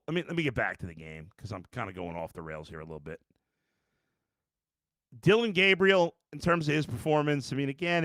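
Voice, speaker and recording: A gravelly-voiced man hosting a post-game sports podcast, ranting and exasperated, often restarting his sentences. His voice sits in an ordinary middle range, and the sound is dry and close. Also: mid-range voice, pushed and bright, no echo. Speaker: podcast host. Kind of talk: post-game sports talk, reading chat.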